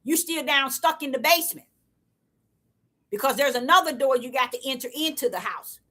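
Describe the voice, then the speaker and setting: A woman giving a casual, repetitive spiritual talk to her viewers in a preachy, excitable way. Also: high voice, normal speed. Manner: preachy, repetitive, excitable, African American Vernacular English. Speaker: online preacher.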